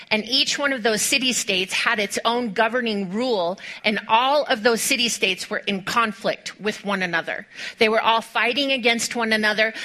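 Bright-voiced woman preaching a sermon. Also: fairly high pitch. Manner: animated storytelling with rhetorical questions; addresses the congregation directly.

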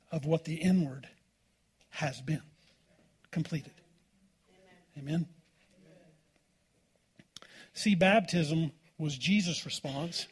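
A man's voice: on the high side, breathy edge. A man pastor preaching a sermon in a church, in a folksy, informal way and calling out for "amen" from the congregation.

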